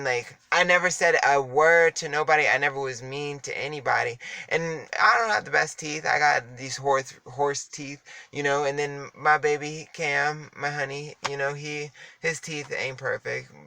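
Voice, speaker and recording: A man's voice: mid-range voice, pushed and bright, slight background noise. A young man telling a candid story in a casual, chatty monologue, with sassy asides and frequent laughs. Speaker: vlogger.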